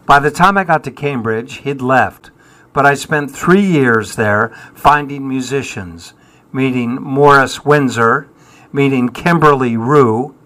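Older man, 70s, musician guest: slow and deliberate, dry, self-mocking, reflective. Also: mid-range voice, pushed and bright. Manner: wry, self-deprecating, dry humour. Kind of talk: reflective interview answers.

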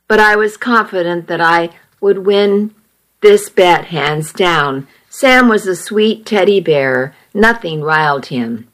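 Young woman in her 20s reading a story out loud, slow and wry. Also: lowish voice. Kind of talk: first-person story reading.

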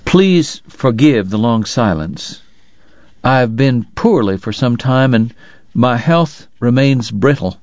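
Male narrator, slow measured reading, dramatic, dry close sound, dull lo-fi. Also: mid-range voice, expressive, a little mellow, dry recording. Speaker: audiobook narrator. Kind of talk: scripted narration.

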